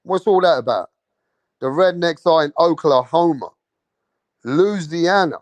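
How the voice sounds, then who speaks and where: Slow-talking man on a livestream. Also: a little high, expressive, no echo. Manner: loose, rambling, swears freely, slangy. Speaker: livestream host. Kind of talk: casual livestream chat reading viewer comments.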